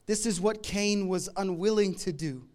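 A middle-aged man preaching a sermon in a conversational, humorous way, moving between loud emphatic lines and quiet asides. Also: high voice, moderate pace. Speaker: pastor.

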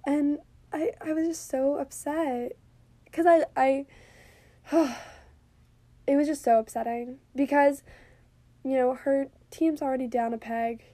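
Sipping a drink, a high-pitched woman talks through a TV episode slowly, leaving long pauses. She's animated and casual, curses freely and leans heavily on the word "like".

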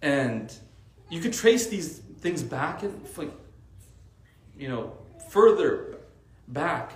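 Though his voice is on the high side, he speaks slowly, and the sound is reverberant. He teaches Arabic and is telling animated stories in a casual religious talk to a faith circle, peppered with "like."

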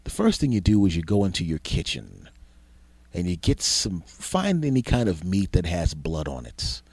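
A man's voice: deep voice, wildly swooping pitch, moderate pace, creaky, a little mellow, slightly rough, no room sound. A man hosting a podcast, telling a rambling, crude comedic monologue full of exaggerated tangents. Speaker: podcast host.

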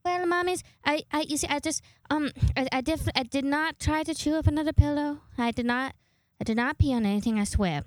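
A woman's voice: high voice, fairly quick, no echo, pitched above the performer's own voice, close to an everyday voice. A young woman voicing her little female puppy, who whines, stammers and pleads to stay close. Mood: guilty.

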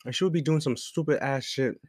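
A man's voice: a little high, quick pace, darkish tone, no room sound, clean studio sound. A young man at home telling a casual, rambling story about a past friendship. He swears freely and laughs often in a laid-back way. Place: at home at a desk with a laptop.

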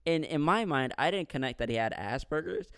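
A man in casual podcast chat, retelling a movie scene by scene and acting out the characters with sudden loud, swearing outbursts. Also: a little high, expressive, a little fast, smooth, no echo, clean studio sound. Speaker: podcast co-host reviewing a movie.

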